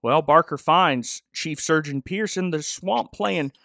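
A man's voice: on the high side, unhurried, vocal fry, fairly bright tone, dry recording, studio quality. A man casually recapping a TV episode with joking, rambling asides. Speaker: podcast host.

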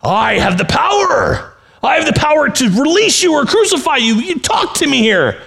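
A man's voice: on the high side, sing-song, fairly quick, fairly bright tone, pitched above the performer's own voice. A man voicing a proud, pressured Roman governor who talks in a blustering, raised voice.

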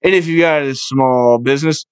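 A man's voice: mid-range voice, moderate pace, clear, resonant tone, no echo. A man hosting a casual podcast, joking around and swearing loosely. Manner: profane, joking, loose banter. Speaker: podcast host.

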